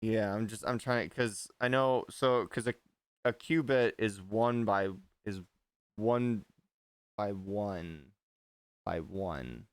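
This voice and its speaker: A man's voice: lowish voice, slow, no room sound. A man hosting a livestream, chatting casually, rambling and restarting his sentences, with an occasional swear. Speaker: livestream host.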